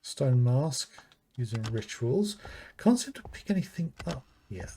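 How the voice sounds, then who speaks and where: British male streamer, unhurried live play-through commentary, faint hiss behind the voice. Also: medium pitch, sing-song, warm tone. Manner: slow, thinking aloud, muttering item names. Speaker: gaming streamer.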